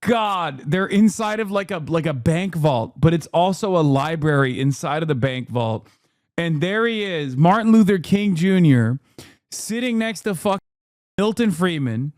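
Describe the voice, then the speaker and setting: A male streamer reacting casually, full of crude, sarcastic asides. His voice sits high, and he speaks slowly. The sound is close and dry. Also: animated, darkish tone, no room sound.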